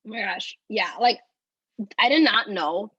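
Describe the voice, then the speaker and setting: A woman's voice: mid-range voice, measured pace, fairly bright tone, husky, no room sound, highs cut off. A woman in her twenties, teary and rambling, telling a personal story with many "like"s. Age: 20s. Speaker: guest.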